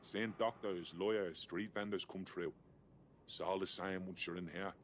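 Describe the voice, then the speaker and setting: An actor plays a weary British detainee who speaks low and bitter in a deep voice. He confides like a man who has given up. A faint hum sits behind him. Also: fairly even intonation, normal speed, lightly acted. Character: weary jaded male camp detainee.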